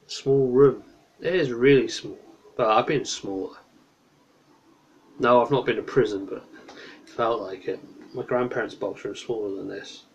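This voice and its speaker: A man's voice: mid-range voice, unhurried, long pauses, slightly rough, lo-fi sound. A tired man rambles through a late-night livestream from his small bedroom. He drifts from topic to topic and stops to answer his chat.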